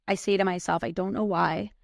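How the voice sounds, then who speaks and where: This podcast host, a woman in her thirties, shares a personal story in a relaxed manner, leaning heavily on "like" and swearing freely. She speaks a bit quickly in a lowish, creaky voice with fairly even intonation. The audio is dry and studio-clean.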